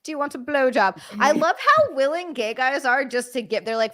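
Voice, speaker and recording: A woman's voice: high-pitched, sing-song, brisk, fairly bright tone. A woman hosting a comedy podcast, reacting with frequent laughter and reading out viewer super chats. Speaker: podcast host. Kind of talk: casual comedic chat.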